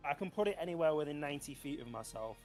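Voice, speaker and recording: A man's voice: on the high side, lively intonation, racing, a little mellow, soft background music. A man playing a tabletop game, thinking aloud as he reads rules and works out dice. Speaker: player. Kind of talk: casual tabletop game talk.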